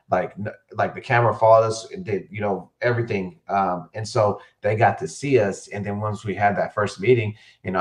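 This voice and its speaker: A male football coach recounts stories as a podcast guest. His voice sits a little low, and he speaks casually with frequent fillers and restarts. He animates his stories by voicing the people in them. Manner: animated storyteller who acts out quotes, many fillers and restarts. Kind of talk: interview storytelling.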